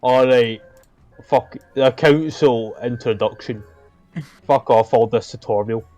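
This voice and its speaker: A man streaming a game with friends, talking slowly with lots of swearing and laughter. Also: mid-range voice, darkish tone, dry recording, dull audio, soft background music. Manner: slow, profane, laughing. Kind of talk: casual gaming stream chat.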